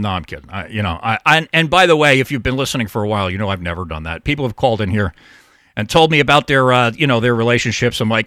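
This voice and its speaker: A man's voice: medium pitch, lively intonation, fast, a bit bright, no room sound, studio quality. A man hosting a call-in show, rambling, profane and stammering through restarts in a casual monologue. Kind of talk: casual talk radio monologue.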